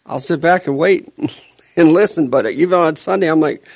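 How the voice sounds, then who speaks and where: Brief: male podcast co-host, gravelly husky voice, teasing banter, dry close sound. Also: fairly high pitch, moderate pace, no room sound. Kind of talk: casual chat.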